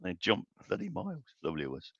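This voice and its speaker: An older man's low voice swings hugely in pitch, moving at a quick pace and sounding a bit bright and slightly rough on a dry recording. He hosts a live woodturning stream from his home workshop, telling rambling workshop stories with chuckles and many restarts. The stream audio is dull and lo-fi.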